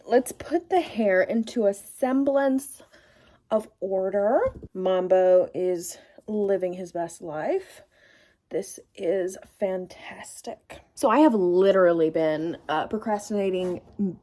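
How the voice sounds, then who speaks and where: A woman's voice: mid-range voice, darkish tone. A woman book vlogger chatting casually at home about her reading, gushing and full of fillers and restarts.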